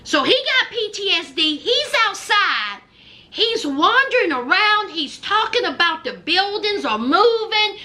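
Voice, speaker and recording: High, lively woman recapping reality TV. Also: measured pace. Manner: animated storyteller addressing viewers as y'all; exclaims and acts out quotes. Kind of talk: casual reality TV recap commentary.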